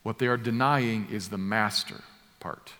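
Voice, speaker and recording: Emphatic preacher in a reverberant hall. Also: male voice, fairly low pitch, measured pace, pushed and bright. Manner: emphatic, explanatory, repeats key words for stress. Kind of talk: expository sermon.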